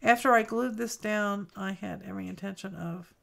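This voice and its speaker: Her mid-range voice is creaky yet fairly bright, moving at a normal speed as she coos over mail on her craft livestream. A bit tired, the host keeps the chat casual and greets viewers by name.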